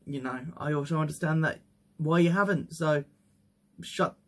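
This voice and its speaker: A young man giving casual wrestling predictions, excitable, swearing freely and whooping with hype. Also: a little high, normal speed.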